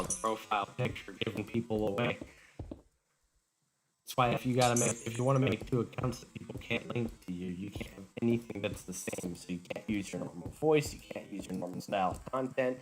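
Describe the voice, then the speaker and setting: A man streaming from home and chatting casually, joking at his own expense, his voice garbled and robotic-sounding from a faulty microphone. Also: fairly low pitch. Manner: joking, sarcastic self-mockery. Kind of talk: casual livestream chat. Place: home room. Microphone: faulty desk microphone. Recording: noisy, glitchy home mic.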